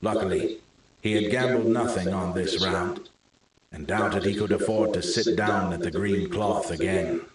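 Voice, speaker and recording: A man narrating a thriller audiobook in a steady, measured reading. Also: low-pitched, recorded from a distance. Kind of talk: scripted narration. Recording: very echoey room.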